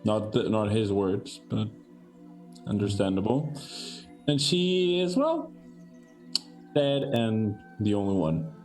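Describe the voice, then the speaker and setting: Slow, hesitant man running a tabletop game. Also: lowish voice, big pitch swings, a little mellow, faint music behind, rough recording. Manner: hesitant, many restarts. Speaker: game master.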